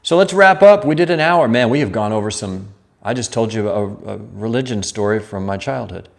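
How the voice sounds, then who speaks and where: A man's voice: on the low side, fairly quick, creaky, soft background music. A man hosting a live stream, casually telling a childhood story and reading chat comments, acting out the voices he quotes. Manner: animated, acts out quoted voices. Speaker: livestream host.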